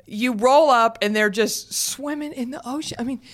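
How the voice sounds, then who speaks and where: A woman in her thirties chatting on a podcast as a guest, telling lively stories and swearing freely. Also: fairly high pitch, normal speed. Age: 30s. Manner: animated storyteller, swears freely. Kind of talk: casual chat.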